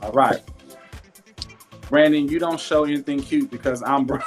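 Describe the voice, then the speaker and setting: A man's voice: medium pitch, moderate pace, long pauses, over music. A man hosting a casual live jewelry sales stream, chatty and laughing often, reading viewer comments aloud and talking about his faith. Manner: warm and churchy, talks faith.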